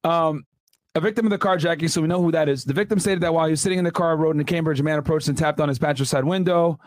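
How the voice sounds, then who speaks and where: High-voiced laughing young man, very dry sound. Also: rapid-fire, no room sound. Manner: loud, laughing, slangy, swearing often. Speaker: commentary host. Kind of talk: casual reaction commentary.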